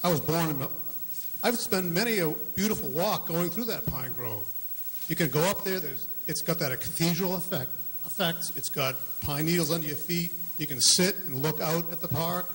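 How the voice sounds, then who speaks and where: A man's voice: fairly high pitch, normal speed, fairly bright tone. A man from Massachusetts speaking earnestly at a town meeting, often restarting his phrases. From Millis, Massachusetts. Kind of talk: public meeting speech. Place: large meeting hall. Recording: echoey hall, faint noise.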